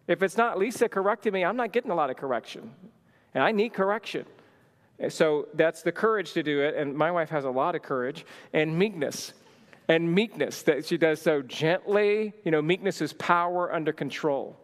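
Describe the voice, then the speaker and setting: A man's voice: on the high side, normal speed. Man preaching in an echoing hall. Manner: earnest, conversational preaching with frequent restarts and acted-out examples. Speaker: pastor. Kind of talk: sermon teaching on marriage. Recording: long reverb of a large hall.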